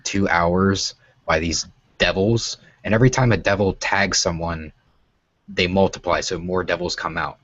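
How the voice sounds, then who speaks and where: A man's voice: low-pitched, fairly even intonation, normal speed, a bit bright, husky, no echo, lo-fi sound. An American man in his twenties hosting a casual chat, rambling and profane with many fillers. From United States. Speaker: host.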